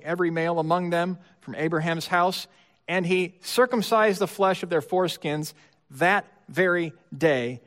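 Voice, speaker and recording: A man preaching a sermon, moving between hushed asides and emphatic repeated lines. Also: a little high. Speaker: pastor. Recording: long hall reverb.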